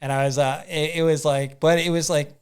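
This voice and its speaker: A man telling a story as a podcast guest in a casual, animated way, acting out his own thoughts and using lots of fillers. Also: fairly high pitch, brisk, smooth. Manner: frequent "like" fillers and repeats.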